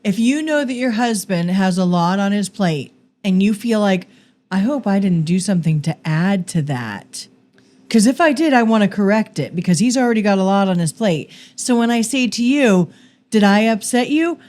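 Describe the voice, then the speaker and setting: A woman's voice: mid-range voice, lively intonation, moderate pace, darkish tone. A middle-aged woman co-hosting a casual marriage podcast with her husband, earnest and firm as she makes her case. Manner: earnest, firmly argumentative. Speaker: podcast co-host, pastor's wife. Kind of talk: casual marital chat.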